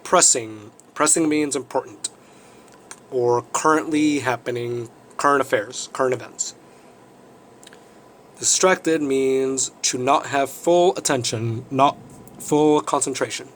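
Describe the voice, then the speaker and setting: A male teacher walks through vocabulary for his class, with a mid-range voice and a plain, explanatory way of talking. He keeps checking in with a quick "okay?", and a faint hiss of background noise sits under the recording. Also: mid-range voice. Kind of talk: recorded vocabulary review lesson.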